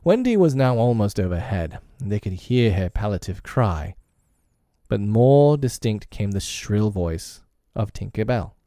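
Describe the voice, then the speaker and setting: Man reading a storybook, low voice, lively pitch, warm tone, dry close sound. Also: a little slow, no echo. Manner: expressive, storytelling. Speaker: narrator.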